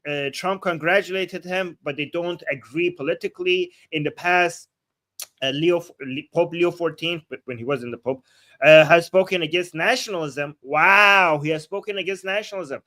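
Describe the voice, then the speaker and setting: A man with a slightly raised pitch hosts a political livestream. He reads news items aloud and reacts bluntly, often sarcastic, stumbling over restarts as he thinks aloud. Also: moderate pace, a bit bright. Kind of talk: casual commentary reading and reacting.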